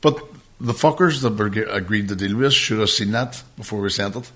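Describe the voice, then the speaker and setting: A man's voice: fairly low pitch, fairly quick. Swearing man telling a story. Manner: swearing, laughing, animated anecdote. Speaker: podcast co-host. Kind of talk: casual storytelling chat.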